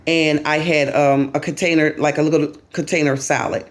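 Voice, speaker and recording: A woman's voice: low-pitched, fairly even intonation, a little fast. A woman talking to her channel in a casual commentary vlog, rambling and repeating herself with many fillers. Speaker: vlogger.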